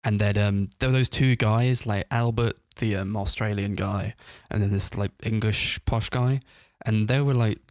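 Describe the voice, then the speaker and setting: Male podcast co-host with a low voice and a dry, close sound. Loose, rambling, laughing film recap. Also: fairly even intonation, moderate pace, few pauses, darkish tone, no room sound. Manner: rambling, full of "like" fillers, laughs while retelling scenes. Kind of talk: casual film review chat.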